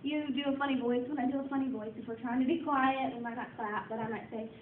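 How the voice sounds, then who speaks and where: A woman's voice: high voice, fairly even intonation, quick pace, slight background noise. A young woman teaching a class, practicing call-and-response routines in an upbeat, encouraging way. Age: young adult. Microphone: distant camera mic. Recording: distant, echoey, phone-like room recording.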